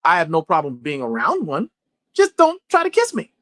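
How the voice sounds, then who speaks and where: A man speaking as an actor in a candid interview, blunt and profane, telling stories in an animated way. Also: on the high side, normal speed, no echo.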